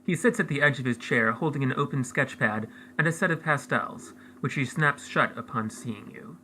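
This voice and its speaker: A man reading aloud an interactive story in a measured way, as game master for his friends. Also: mid-range voice, bright, forceful tone, a little hiss or hum, low-quality recording.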